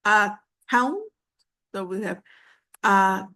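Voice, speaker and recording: A woman teaching an online English class over a video call, patiently repeating words slowly with frequent fillers. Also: mid-range voice, sharp tone.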